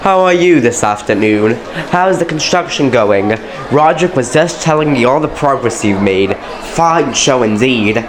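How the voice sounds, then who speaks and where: A man's voice: mid-range voice, animated, moderate pace, crowd noise, natural voice. A man voicing a pompous, proud big male express engine with a haughty drawl. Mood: smug.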